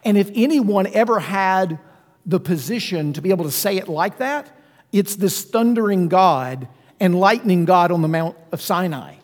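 A man's voice: high-pitched, moderate pace. A man preaching a sermon as pastor, talking conversationally and putting questions to his listeners. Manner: conversational, asks the congregation questions. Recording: long reverb of a church hall.

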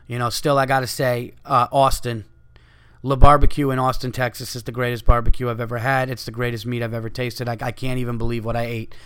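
A man's voice: medium pitch, little pitch movement, fast, fairly bright tone, smooth. A man hosting a podcast, telling a story in a casual, rambling way with lots of swearing, fillers and asides. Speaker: podcast host.

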